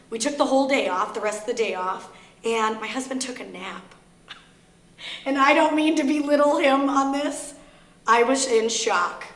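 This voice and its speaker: A woman's voice: on the high side, a bit bright. A woman with a Minnesota accent, speaking to a library audience in a candid, earnest way, sharing a personal story. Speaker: guest speaker on grief. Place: library meeting room. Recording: echoey room with faint hum.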